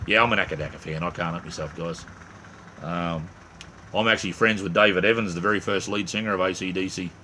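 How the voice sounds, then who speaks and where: A man's voice: deep voice, quick pace, pushed and bright, slight background noise. A middle-aged Australian man hosting a casual live stream, rambling and joking as he chats with viewers. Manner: rambling, chatty, jokey, with many restarts. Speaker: livestream host. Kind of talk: casual live chat reading viewer comments.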